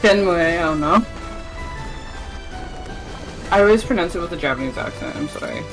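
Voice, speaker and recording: A woman guest co-hosting a casual reaction stream, excitable and playful, swearing often. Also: lowish voice, normal speed, low-quality recording. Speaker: guest co-host. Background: award show music playing.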